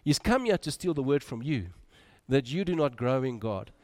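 A man preaching a sermon, moving between loud urging and quiet, soft drops. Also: medium pitch, very animated, moderate pace.

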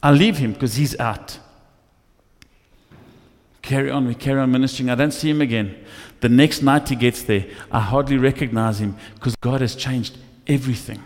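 Man, pastor, sermon, animated storytelling, long reverb from a church hall. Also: mid-range voice, normal speed. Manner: animated storytelling with acted asides.

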